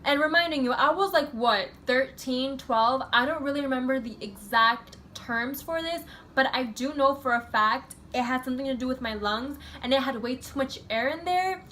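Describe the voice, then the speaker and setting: With a high-pitched, bright, pushed voice, this American woman talks at normal speed and barely pauses, over a faint hiss or hum. She's a vlogger rambling through a personal story in a casual, chatty way, and "like" shows up constantly.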